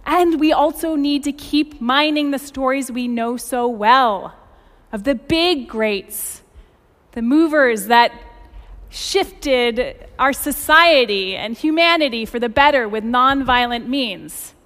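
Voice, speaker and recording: A woman in her forties preaching a sermon, telling stories with lively emphasis. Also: high voice, takes it slowly. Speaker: pastor. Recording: long hall reverb.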